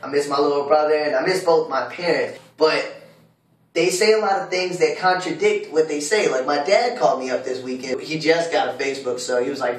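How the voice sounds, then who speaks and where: Young male student vlogger, slangy casual storyteller, slightly high voice, far off-mic, roomy echo. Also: fairly quick. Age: young adult. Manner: loud slangy hype, then quieter storytelling. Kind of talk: casual vlog tour and storytelling. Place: college dorm room. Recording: echoey room, voice off-mic.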